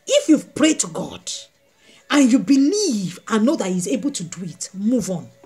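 A woman's voice: medium pitch, very animated, normal speed, mellow, slightly rough. A woman evangelist preaching a sermon, emphatic and repeating her phrases as she addresses the congregation directly.

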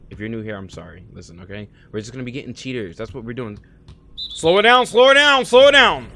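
A man live-streaming a game, chatting casually and profanely with his viewers, swinging from low muttering to loud excited outbursts. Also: creaky, a little hiss or hum. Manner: slangy and profane, talks to chat by name. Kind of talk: casual live-stream chat while gaming.

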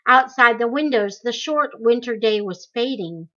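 A woman reading a memoir aloud in slow, deliberate storytelling. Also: on the high side, expressive, sharp tone, muffled recording. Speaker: audiobook reader.

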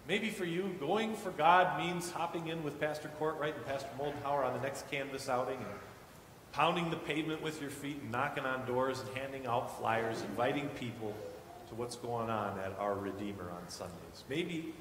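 A man in his thirties preaching a sermon as guest preacher, telling family stories with animated quoted voices. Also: mid-range voice, normal speed, slight background noise. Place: church sanctuary. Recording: echoey hall with long reverb.

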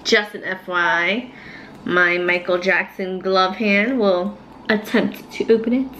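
A mom vlogging at home with her kids, playful and teasing as she goes. She drops Spanish words into her English as she talks, at an ordinary middle pitch. The recording picks up plenty of household noise behind her. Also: steady tone, measured pace, sharp tone. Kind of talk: casual family vlog. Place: messy family home.

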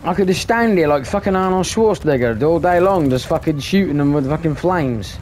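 A man's voice: fairly high pitch, expressive, brisk, hardly any pauses, a little mellow, a little hiss or hum. A man giving live commentary on his gameplay, ranting in frustration and swearing constantly. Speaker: gaming video creator.

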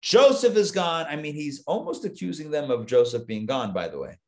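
A man, a rabbi, teaching a live Torah class, retelling the story with lively asides and acted-out lines. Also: medium pitch, fairly quick. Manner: animated storytelling, acts out the biblical lines, chatty asides.

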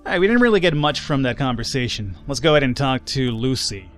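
Male let's-play host, mid-pitched, rambling casual game commentary with asides. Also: sing-song, fast talker, few pauses, fairly bright tone, faint music behind. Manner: rambling, chatty, lots of fillers and asides.

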